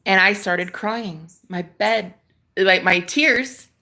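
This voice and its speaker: Speaking to camera, a woman vlogger tells an intense, emotional story about a personal spiritual experience, restarting often and swearing along the way. Her voice sits on the low side with a steady tone, and she takes her time; it sounds creaky, pushed, and bright.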